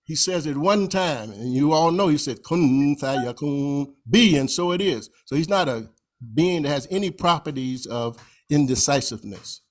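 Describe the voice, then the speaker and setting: A man's voice: a little high, animated, moderate pace. A man giving a slide presentation over a video call, talking in a folksy, conversational way and stretching out recited phrases for emphasis.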